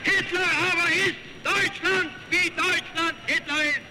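Fanatical dictator, barking, very high, drawn out, heavy crowd and noise. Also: male voice, fairly even intonation, unhurried. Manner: barking, chanting slogans. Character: ranting German dictator, male, fanatical.

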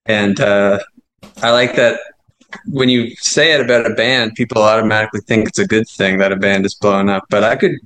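A man's voice: lowish voice, steady tone, a little fast, a bit bright, poor audio. A man who writes his band's songs, talking casually in an interview, rambling and self-deprecating with lots of fillers. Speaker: songwriter and band frontman.

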